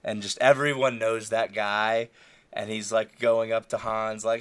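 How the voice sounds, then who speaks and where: A man chatting casually about a movie as a co-host, animated, swearing and acting out scenes. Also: fairly low pitch, unhurried, clear, resonant tone.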